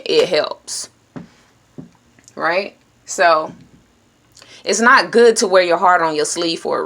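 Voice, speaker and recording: A woman speaking straight to her audience in a motivational monologue, blunt and preachy, often pausing with a questioning "hmm?". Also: on the low side, a bit bright. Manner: direct, preachy, adds "Hmm?" checks. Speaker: self-help speaker.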